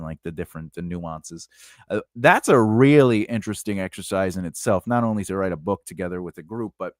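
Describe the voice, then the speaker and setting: A man's voice: sits low, no room sound, studio quality. A man hosting a casual live writing class, talking loosely with lots of fillers and puns, laughing often. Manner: punning, loose, full of "like" and "you know". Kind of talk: casual live-streamed lesson, reading chat comments.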